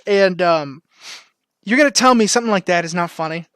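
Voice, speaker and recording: A man co-hosting a podcast in casual chat, rambling and animated and quick to laugh. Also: high-pitched, smooth, no room sound. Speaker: podcast co-host.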